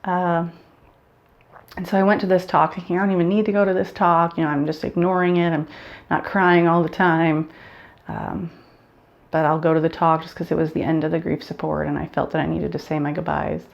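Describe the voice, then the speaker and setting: Woman vlogger, low-pitched, earnest and candid, muffled low-fi recording. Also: flat delivery, brisk, vocal fry. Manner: earnest, candid, repeats words and restarts when emotional. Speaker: vlogger sharing grief story. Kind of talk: personal talk to camera.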